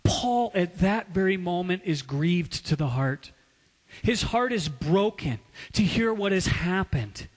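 Husky, slow-speaking preacher in a hall. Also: male voice, sits high, animated. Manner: dramatic, with swings between loud and hushed. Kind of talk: sermon storytelling. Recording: long hall reverb.

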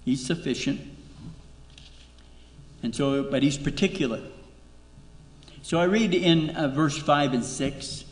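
A man's voice: a little high, slow, long pauses, slight background noise. A man preaching a sermon as pastor, emphatic, repeating key words and asking rhetorical questions. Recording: echoey hall reverb.

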